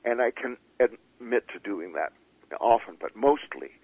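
A man, an author being interviewed, talking in a halting way with many fillers and restarts. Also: medium pitch, lively intonation, breathy edge, phone-quality sound. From Canada. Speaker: author guest. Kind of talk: interview conversation.

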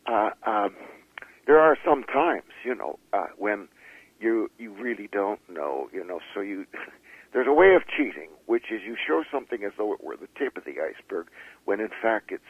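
A man, an author being interviewed, talking in a halting way with many fillers and restarts. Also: on the low side, big pitch swings, husky, no room sound, phone-quality sound. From Canada. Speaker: author guest. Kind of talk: interview conversation.

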